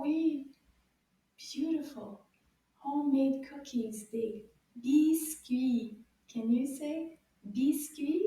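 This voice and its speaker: Woman, kids' language teacher, high voice, slow and animated, echoey room, off-mic. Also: far from the mic. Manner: slow, animated, repeats words for children to copy. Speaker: children's French teacher. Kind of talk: lesson for young children.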